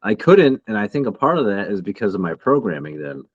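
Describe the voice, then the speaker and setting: Veteran co-host, man, slightly low voice, halting and thoughtful, dry muffled mic. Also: sing-song, breathy edge, dry recording. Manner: reflective, halting. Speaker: podcast co-host, military veteran. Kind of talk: casual chat.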